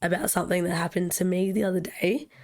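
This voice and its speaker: A woman's voice: on the low side, steady tone, fast, a little mellow. A woman with an Australian accent co-hosting a podcast, chatting casually and telling stories at an easy pace. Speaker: podcast co-host. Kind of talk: casual chat.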